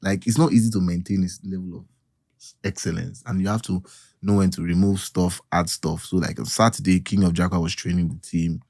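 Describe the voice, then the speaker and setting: A man's voice: deep voice, steady tone, fairly quick, vocal fry, darkish tone, slightly rough, no echo, studio quality. A man with a Nigerian accent, co-hosting a podcast in joking, Pidgin-laced banter. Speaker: podcast co-host. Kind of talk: casual banter.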